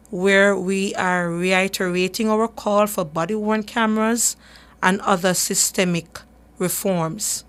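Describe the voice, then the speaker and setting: A woman speaks on a live radio talk show. She is earnest and emphatic, pressing her points and often restarting her sentences. Her voice sits at an ordinary middle pitch. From Jamaica. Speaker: human rights advocate and radio host.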